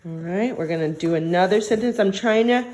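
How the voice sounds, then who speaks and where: A female teacher records a phonics lesson for young children, dictating slowly, staying patient, and cheering them on throughout. Her mid-range voice is slightly mellow.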